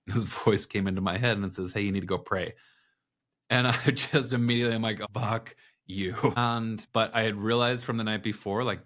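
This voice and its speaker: A man, a podcast guest, candidly retelling a personal experience, acting out the thoughts and voices in it. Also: on the low side. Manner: candid, animated retelling with quoted inner dialogue. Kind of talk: personal storytelling in an interview.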